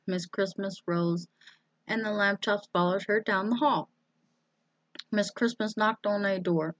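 Slow storybook-reading woman. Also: mid-range voice, steady tone, no room sound, dull audio. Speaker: storybook reader. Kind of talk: reading a children's book aloud.

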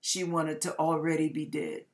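An older woman preacher giving a dramatic testimony, swinging from loud outbursts to hushed lines in an emphatic, folksy way. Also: low voice, little pitch movement, normal speed. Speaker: ministry preacher.

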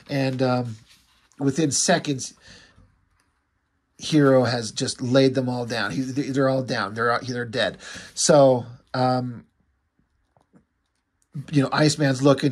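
A man's voice: mid-range voice, husky. A man casually recapping a comic book issue, rambling and loose, paraphrasing the characters as he goes.

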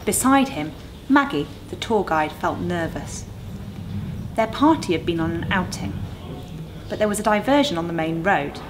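Low-voiced woman reading a ghost story. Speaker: school staff reader. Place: school. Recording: noisy recording.

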